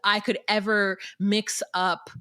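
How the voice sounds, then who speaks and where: A woman's voice: mid-range voice, little pitch movement, takes it slowly, bright, forceful tone. A woman guest in a casual podcast chat, giving blunt, opinionated takes and swearing freely.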